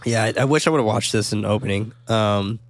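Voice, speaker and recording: A man co-hosting a casual film discussion, talking excitedly, swearing often and acting out lines from the movie. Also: lowish voice, brisk, dry recording. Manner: animated, swears a lot, acts out quotes. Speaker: podcast co-host.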